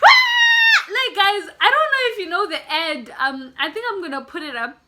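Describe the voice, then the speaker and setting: A woman's voice: very high voice, very animated, brisk, pushed and bright, raised voice. A young woman vlogging, telling a story casually and animatedly, often calling her viewers guys.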